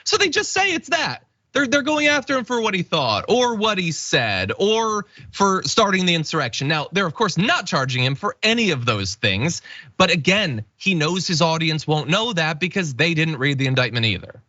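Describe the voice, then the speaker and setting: Man, political show host, lively bright voice, sarcastic, dry dull-sounding audio. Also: a little high, moderate pace, dry recording. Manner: sarcastic, emphatic. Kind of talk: political commentary chat.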